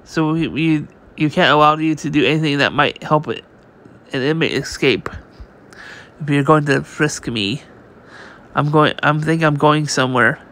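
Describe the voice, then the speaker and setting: With a slightly high voice at a normal speed and a fairly bright tone, a man reads a comic for his channel. The delivery is relaxed and rough around the edges, full of restarts and spoken sound effects.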